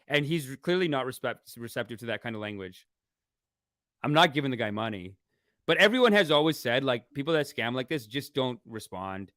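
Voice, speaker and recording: A man, a spiritual teacher, chatting casually to his viewers in a live stream, animated and full of exclamations. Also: medium pitch, brisk, dry recording, clean studio sound. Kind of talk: casual livestream chat.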